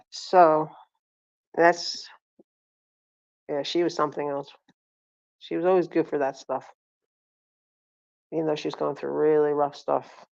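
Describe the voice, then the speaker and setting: A woman's voice: deep voice, flat delivery, slow pace, gravelly, pauses often, a little mellow, no echo, lo-fi sound. A middle-aged woman vlogging, telling a rambling story and acting out the quotes, with frequent self-corrections. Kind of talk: casual storytelling.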